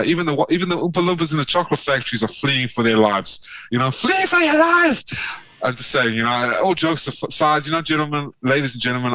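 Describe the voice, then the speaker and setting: Fervent, bright-voiced male podcast guest. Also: medium pitch, no room sound, rough recording. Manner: rambling and fervent, many restarts and sarcastic asides. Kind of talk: casual chat.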